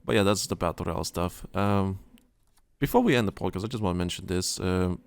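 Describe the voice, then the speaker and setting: A man co-hosting a podcast in casual chat, rambling and halting, with plenty of fillers and restarts. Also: low voice, vocal fry, no room sound. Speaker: podcast co-host.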